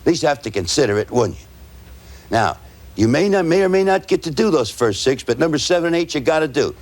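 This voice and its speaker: A man's voice: a little high, expressive. A man teaching salespeople, walking through his method point by point and tagging his points with "right?". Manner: tags points with rhetorical "right?"; spells out words slowly. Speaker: sales trainer. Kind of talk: lecture to salespeople.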